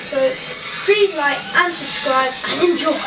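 Female gaming host, high voice, unhurried delivery, excitable outbursts, recorded far off in an echoey room. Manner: excitable, frequent exclamations. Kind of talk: live gameplay commentary. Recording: roomy, distant mic, loud game noise.

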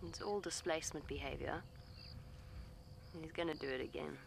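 Soothing woman safari guide, lowish voice. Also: fairly even intonation, brisk, creaky, background noise. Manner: coaxes the elephant in a soothing, pleading voice; explains animal behavior matter-of-factly. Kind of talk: live commentary to camera. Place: outdoors in a safari vehicle.

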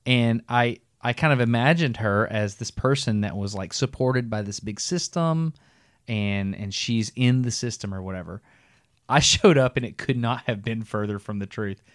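Middle-aged male podcast co-host, a lively, laughing storyteller with a mid-range voice, recorded close and dry. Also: medium pitch, normal speed, dry recording. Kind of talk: casual storytelling chat.

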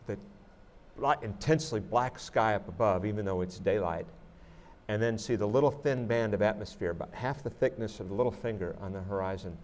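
A man's voice: lowish voice, darkish tone, a little hiss or hum. A man, an astronaut guest, answering audience questions in a reflective way, often restarting his sentences. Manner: reflective, with many restarts and "you know". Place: museum auditorium.

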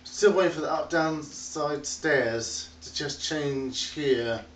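A man's voice: a little high, slow, fairly bright tone, a little hiss or hum. A man giving a chatty, rambling tour of his game world and calling playfully to his animals. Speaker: video game tour guide. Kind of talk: casual narrated game walkthrough. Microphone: phone recording. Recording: echoey phone recording from a distance.

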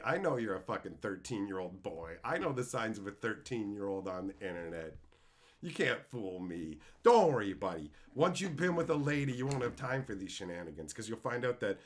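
A man in his thirties hosting a live stream, ranting at his chat with crude, mock-angry banter. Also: lowish voice. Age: 30s. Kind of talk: live stream chat while opening card packs.

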